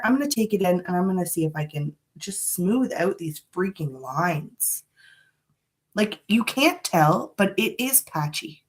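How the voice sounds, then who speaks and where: A woman chatting frankly and a little dramatically through a live makeup tutorial from her home. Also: on the low side. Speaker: beauty vlogger. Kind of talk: casual live makeup chat. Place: home room.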